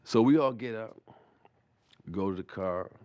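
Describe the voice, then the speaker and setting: A man's voice: lowish voice, moderate pace, darkish tone, clean tone. Rambling, profane male storyteller. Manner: rambling, profane, repetitive restarts. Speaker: comic storyteller. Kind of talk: animated anecdote telling.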